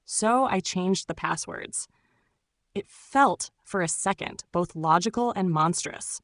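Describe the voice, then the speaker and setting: A woman narrating a first-person story in a measured, steady way. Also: fairly low pitch, dry recording, studio quality.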